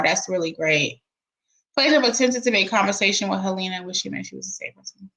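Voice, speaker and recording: A woman talks through a lawsuit on a live stream, breaking off into animated exclamations and laughter. Her voice sits at a middle pitch for a woman. The room around her gives the voice a noticeable echo. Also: a little fast. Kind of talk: casual live-stream commentary.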